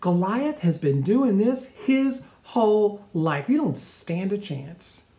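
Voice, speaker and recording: A man voicing a weary king who dismisses a boy in a low, exasperated way. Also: big pitch swings, takes it slowly, warm tone, echoey room, heavily acted. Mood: dismissive. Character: weary king and army commander, older man.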